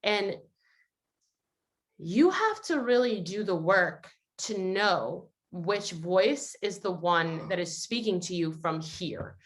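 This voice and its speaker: A woman's voice: lowish voice, animated, slow pace. Earnest woman hosting a video call. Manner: earnest, reflective, acts out quotes. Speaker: host. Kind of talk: casual reflective talk.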